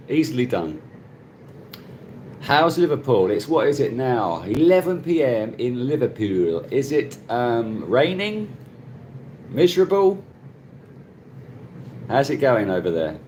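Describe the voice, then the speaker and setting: A man's voice: medium pitch, big pitch swings, measured pace, pauses often, a little mellow, a little hiss or hum. A middle-aged man hosting a casual live stream from his phone, chatting and greeting viewers by name and laughing often. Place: Cebu, Philippines.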